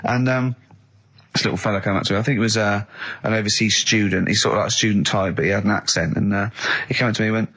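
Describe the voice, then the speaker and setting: A man's voice: lowish voice, fairly even intonation, fast talker, fairly bright tone. A man hosting a comic radio show, playfully telling stories and slipping into silly voices. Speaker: radio host. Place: radio studio.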